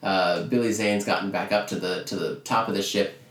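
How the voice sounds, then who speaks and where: Man recapping a film in a roomy space. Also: lowish voice. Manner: animated retelling, acting out lines with quick voice changes. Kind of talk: casual movie recap chat. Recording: roomy echo.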